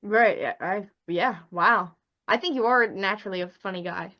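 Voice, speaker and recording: A woman's voice: medium pitch, moderate pace. A woman hosting a podcast interview, chatting casually with upbeat, affirming interjections. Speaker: podcast host. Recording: dull lo-fi audio.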